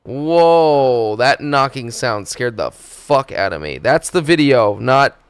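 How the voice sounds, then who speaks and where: A man's voice: mid-range voice, animated, slow, smooth, no room sound. A man hosting a live stream, chatting casually and swearing often as he reacts to clips. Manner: profane, laid-back, laughing. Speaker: streamer host.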